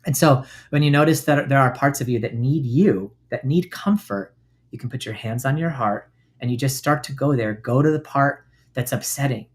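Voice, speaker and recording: A man hosts a self-help podcast in a gentle coaching tone. He speaks at an ordinary middle pitch and now and then acts out the voices in your head. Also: normal speed. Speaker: podcast host.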